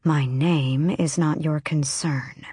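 A woman reading the part of a guarded, solemn young woman rebel who speaks tersely and quietly. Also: sits low, steady tone, slow, slightly rough, no echo, clean studio sound, exaggerated voice.

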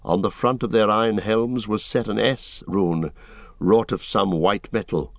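A deep-voiced man reads an audiobook in a deliberate, steady storytelling manner. The recording is close and dry, with no room sound. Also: vocal fry, no echo. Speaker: audiobook narrator. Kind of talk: scripted narration.

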